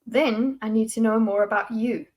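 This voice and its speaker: A woman's voice: a little high, steady tone, moderate pace, a little mellow, muffled recording, close to an everyday voice. A woman reading the lines of a determined young woman investigator, in a probing, insistent way.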